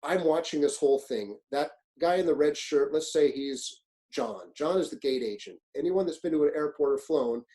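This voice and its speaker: Middle-aged fire chief type on a webinar, mellow low-bright voice, fairly high, talks blunt and swears, acts out all the quotes. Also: male voice, normal speed, poor audio. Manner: animated storyteller, acts out quotes, blunt and profane. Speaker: fire service leadership instructor. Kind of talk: webinar presentation, storytelling. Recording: webinar, own presentation.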